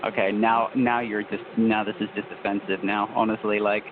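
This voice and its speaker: A man's voice: lowish voice, flat delivery, fairly quick. A British man calling in to a live show, launching into indignant, swearing outbursts. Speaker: phone-in caller. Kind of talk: comedic call-in banter. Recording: tinny phone line with faint hiss.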